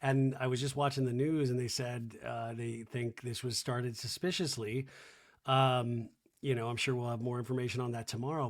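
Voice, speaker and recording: A man's voice: medium pitch, flat delivery, moderate pace. A man hosting a casual recap podcast, chatty, sarcastic and profane. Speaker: podcast host recapping a reality show. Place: home in Los Angeles.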